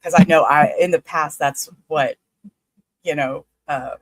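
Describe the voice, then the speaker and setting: A woman, hosting a livestream in a chatty, halting, excitable way. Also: low-pitched, no room sound, poor audio. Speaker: livestream host. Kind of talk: casual livestream chat.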